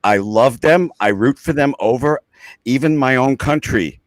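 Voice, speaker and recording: An American man co-hosting a casual podcast. He talks with passion and excitement, and he swears freely. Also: medium pitch, a little slow, no echo, poor audio. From United States. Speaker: podcast co-host.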